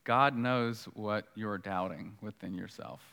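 A man's voice: lowish voice, measured pace, creaky, sharp tone, big-room sound. A man preaching a sermon in a conversational way, repeating key points for emphasis and acting out the dialogue of scripture. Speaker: pastor.

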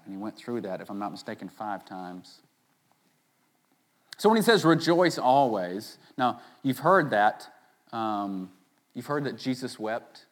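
A man preaching a sermon, swinging between loud, stressed phrases and quiet, conversational asides to his congregation. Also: on the low side. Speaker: pastor.

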